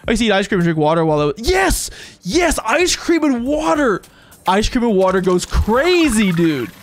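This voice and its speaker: A streamer chatting casually during a live gaming session, excitable and rambling, often stammering and repeating words. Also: medium pitch, moderate pace, slight background noise.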